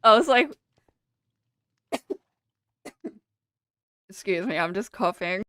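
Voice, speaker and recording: A woman's voice: mid-range voice, expressive, takes it slowly, sharp tone, no room sound, studio quality. A young Australian woman chatting casually with her viewers while playing a game, laughing often and swearing freely. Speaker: streamer. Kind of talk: casual chat while gaming.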